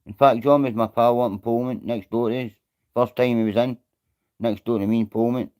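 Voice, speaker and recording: A man's voice: mid-range voice, steady tone, fairly quick, warm tone, clear, resonant tone. A Scottish man on a live stream, rambling and greeting viewers by name in casual chat.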